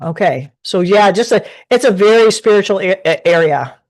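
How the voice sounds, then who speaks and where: A woman gives a loose, chatty tarot reading from her desk at home. She rambles along and restarts her sentences often, and her voice sits at a middle pitch. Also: animated, normal speed, darkish tone. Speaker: tarot reader. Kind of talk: casual live tarot reading.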